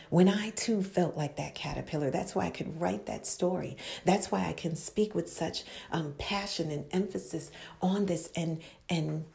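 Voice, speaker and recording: A woman preaching an inspirational sermon as an author, intimate and impassioned, often dropping into a hushed whisper and building with repeated exhortations. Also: on the low side, vocal fry.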